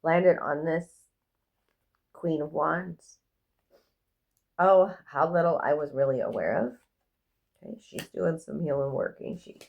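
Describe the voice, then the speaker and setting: A woman giving a casual, rambling tarot reading in a gentle, affirming way. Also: deep voice, slow pace, vocal fry, pauses often, muffled recording. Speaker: tarot reader.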